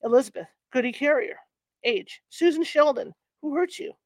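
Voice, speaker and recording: A woman's voice: sits high, a little mellow, no echo. Chatty woman host reading aloud. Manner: chatty asides between halting read-aloud passages. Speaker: host of a paranormal reading channel. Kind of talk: reading a historical book aloud.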